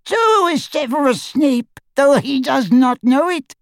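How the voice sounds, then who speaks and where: A reader voicing a sly, higher-voiced male goblin who talks in a cold, clipped, mocking way. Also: animated, measured pace, no room sound, studio quality. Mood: scornful. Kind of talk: audiobook character voice.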